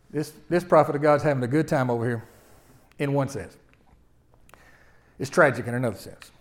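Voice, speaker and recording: A man preaching a sermon, telling the story with lively swings between loud outbursts and quiet asides. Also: on the high side, fairly quick.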